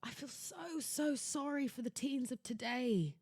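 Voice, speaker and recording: A young woman hosting a podcast, talking in a theatrical, exclamatory way that jumps between loud outbursts and hushed asides. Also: sits high, measured pace, breathy edge, no room sound, studio quality. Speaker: podcast host. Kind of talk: casual chatty monologue. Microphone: laptop recording setup.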